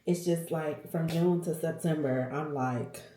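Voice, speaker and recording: A woman vlogger shares a personal story, candid and emotional, calling her viewers y'all. Her voice is warm and mellow. It sits a little low, and the room around her gives it a noticeable echo. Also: a little slow. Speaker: vlogger and working mother. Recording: roomy echo.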